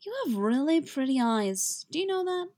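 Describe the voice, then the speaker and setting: A woman voicing a dramatic, excitable young male bard, with shrill, squeaky outbursts, in a fan fiction reading. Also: normal speed, heavily acted. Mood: dreamy. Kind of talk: fan fiction read aloud.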